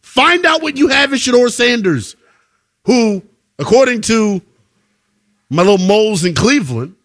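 A man co-hosting a sports talk show, debating in an emphatic, slangy, animated way. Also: very high voice, a little slow.

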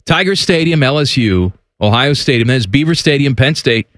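A man's voice: mid-range voice, expressive, a little fast, a bit bright, dry recording, studio quality. A man co-hosting a sports talk show, emphatic and opinionated with mock outrage. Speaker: co-host.

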